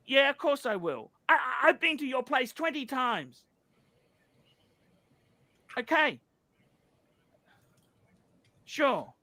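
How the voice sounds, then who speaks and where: A man's voice: very high-pitched, sing-song, takes it slowly, long pauses, sharp tone, dry recording. A man hosting a livestream, ranting angrily about a restaurant, swearing and repeating himself. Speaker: livestream host. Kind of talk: livestream rant.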